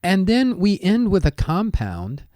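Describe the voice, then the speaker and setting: A man teaching an ancient language in a measured, scholarly way, thinking aloud with small pauses as he explains each word. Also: sits high, huge pitch swings, a little mellow, dry recording, studio quality. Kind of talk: explanatory lesson monologue.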